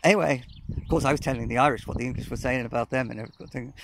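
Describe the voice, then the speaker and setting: Out in the remote countryside, a man from Wales records a casual cycling vlog on his phone camera, talking rapid-fire in a creaky mid-range voice. His stories ramble and are full of fillers, and the background is noisy.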